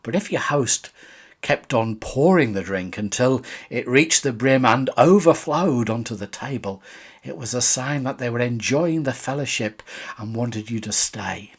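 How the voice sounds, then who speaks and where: An older man, a Salvation Army officer from England, giving a calm, unhurried devotional talk on a psalm, with occasional restarts. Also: medium pitch, breathy edge.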